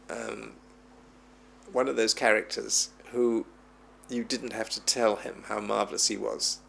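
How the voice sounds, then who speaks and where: A man's voice: on the low side, normal speed, gravelly, a little hiss or hum. A man being interviewed as a film historian, reminiscing at length and acting out the voices of people he quotes. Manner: animated storyteller who acts out quoted voices.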